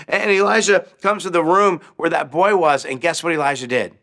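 A man with a bright, forceful voice that sits a little high, telling a sermon as a string of quick stories. He keeps asking his listeners questions and leans into key words. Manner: animated, asks the audience questions, acts out crowd voices. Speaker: preacher. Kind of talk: children's sermon storytelling.

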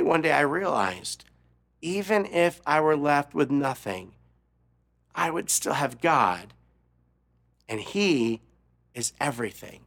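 A man preaching a sermon, dropping to a near-whisper and then rising to an urgent raised voice, slowing and repeating key phrases. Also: a little high, creaky, fairly bright tone. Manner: repeats words and restarts, stresses key phrases slowly. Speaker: pastor.

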